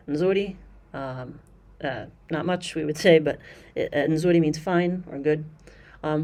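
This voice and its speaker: A woman's voice: low-pitched, a little mellow. A woman giving casual commentary as she reviews a language course, explaining points in a chatty way with many fillers and restarts.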